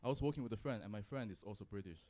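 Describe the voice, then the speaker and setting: A young man from China performing a stand-up comedy set in a comedy club, with a wry, deadpan delivery. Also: fairly low pitch, racing. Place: comedy club with live audience.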